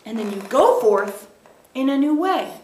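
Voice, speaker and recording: A woman channeler gives an emphatic teaching to a small group of listeners in a meeting room, stressing points by repeating them. Her voice is high and unhurried, with big pitch swings. The recording has a roomy echo and a noisy background.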